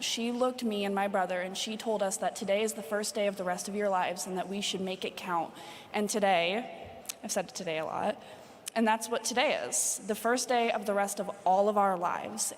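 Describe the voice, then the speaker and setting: Young woman giving a graduation speech. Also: medium pitch. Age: young adult. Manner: earnest, heartfelt. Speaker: graduating student speaker. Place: large graduation hall. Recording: hall reverb, faint room noise.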